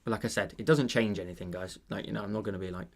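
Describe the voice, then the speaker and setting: A man chatting casually on a livestream while he paints, rambling and thinking out loud with many fillers. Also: fairly low pitch, fairly even intonation, racing, creaky.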